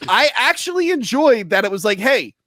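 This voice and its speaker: A man hosting a casual movie review podcast, jokey and animated, acting out his own reactions as he talks. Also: high voice, normal speed, dry recording, studio quality. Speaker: podcast host.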